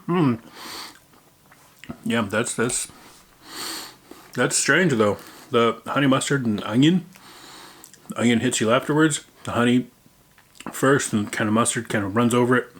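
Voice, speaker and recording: A man's voice: medium pitch, a little slow, long pauses, fairly bright tone. A man casually chatting through a snack taste-test vlog, playful and muttering while he chews. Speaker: vlogger. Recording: crinkling snack bags close by.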